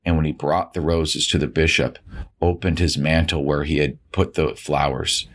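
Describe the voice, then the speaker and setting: A middle-aged man with an exceptionally deep, low voice delivers a prepared reflection. His reading is measured and earnest, steady from line to line. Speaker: educator sharing a reflection.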